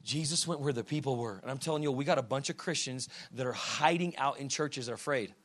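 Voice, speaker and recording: A man preaching a fervent sermon, swinging from low, quiet lines to shouted peaks and calling out to the congregation. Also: brisk. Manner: calls out "come on now" to the congregation.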